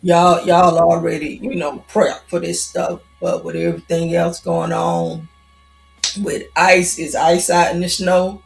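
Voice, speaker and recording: A woman's voice: lowish voice, level tone, unhurried, gravelly, echoey room, faint music behind, rough recording. A woman in her fifties chatting casually on a livestream, greeting viewers by name. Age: 50s. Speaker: livestream host.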